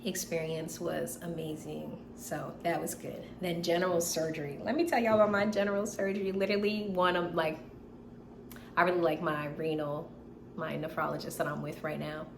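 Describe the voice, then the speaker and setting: A woman in her twenties, a medical student vlogging in a casual, animated way, tired and still recovering from being sick, with lots of fillers and repeated words. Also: low voice, moderate pace, gravelly. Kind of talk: casual chat. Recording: echoey room, faint background hiss.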